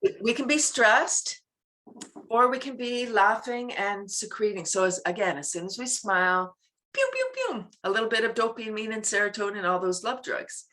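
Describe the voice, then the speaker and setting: A woman, a laughter yoga teacher, talking as an interview guest in an animated way, laughing often and making playful sound effects. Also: medium pitch, normal speed.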